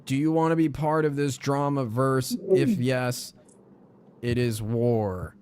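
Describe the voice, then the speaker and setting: A man on a livestream calmly laying out options and giving advice. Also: mid-range voice, takes it slowly, slight background noise. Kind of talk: casual livestream chat.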